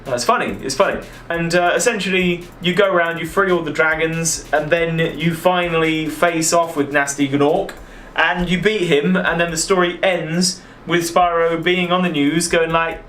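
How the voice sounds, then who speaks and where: A man's voice: a little high, fairly even intonation, moderate pace, few pauses, fairly bright tone, echoey room, slight background noise. A man hosting a game channel, telling a game's backstory in a chatty, jokey voice-over. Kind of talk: retrospective voice-over narration.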